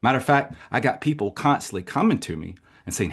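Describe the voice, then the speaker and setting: A man who was a paramedic instructor, a guest telling his story in an impassioned way, swinging between soft and loud. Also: mid-range voice, expressive, quick pace, hardly any pauses, breathy edge. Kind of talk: conversational interview.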